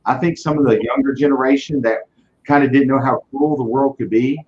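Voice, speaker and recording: A man's voice: mid-range voice, steady tone, fairly quick. A man who leads a car business, talking earnestly in a casual interview and often repeating words as he starts a thought. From Virginia, US. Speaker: car dealership leader, guest. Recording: dull lo-fi audio.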